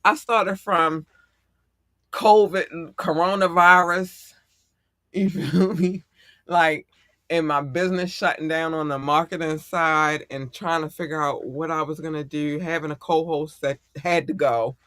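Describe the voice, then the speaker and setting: A man hosting a podcast in casual chat, talking in an excitable, slangy and heartfelt way. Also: on the high side, a little slow, dry recording, studio quality. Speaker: podcast host.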